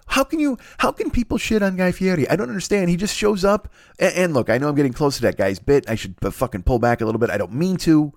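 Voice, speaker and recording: A man's voice: a little high, lively intonation, fast, no room sound, clean studio sound. A man hosting a comedy podcast, ranting in a rambling, profane way with many restarts and sudden jumps in energy. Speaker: podcast host.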